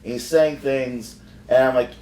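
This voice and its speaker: Man at mid pitch, rambling profane podcast story, echoey room, mic far away. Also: steady tone, moderate pace, darkish tone. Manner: rambling, profane, frequent restarts. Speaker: professional wrestler. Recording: roomy sound from far off.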